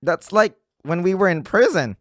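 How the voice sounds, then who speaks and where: Man putting on a high-voiced scheming ex-con watch dealer. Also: moderate pace, no room sound, studio quality. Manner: put-on accent, high excited delivery. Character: scheming ex-convict male watch dealer, eager. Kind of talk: comedy skit acting.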